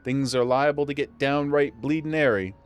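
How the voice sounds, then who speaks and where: A man voicing a gruff male tavern keeper with a clumsy put-on rough dockside accent, reading game dialogue aloud. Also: medium pitch, lively intonation, normal speed, close to an everyday voice.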